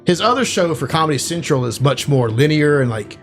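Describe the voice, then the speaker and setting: A man co-hosting a casual podcast, rambling through an animated retelling with lots of fillers. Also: a little high, a little fast, soft background music. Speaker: podcast co-host. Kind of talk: casual chat.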